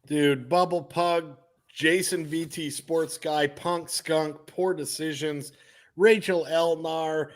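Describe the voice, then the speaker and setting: A man's voice: a little high, fairly even intonation, slow. A man co-hosting a casual podcast, joking with friends and speaking earnestly to listeners. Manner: joking, then heartfelt and earnest. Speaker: podcast co-host.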